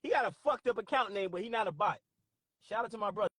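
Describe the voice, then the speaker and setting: A man hosting a casual livestream, laughing often and reacting loudly and profanely to his chat. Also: high-pitched, quick pace, dry recording. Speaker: livestream host.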